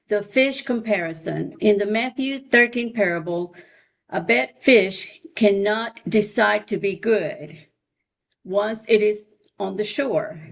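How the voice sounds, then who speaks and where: Woman class member reads aloud slowly, gravelly voice, halting. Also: medium pitch, rough recording. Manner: slow, halting reading, stumbles over words. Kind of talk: reading a text aloud.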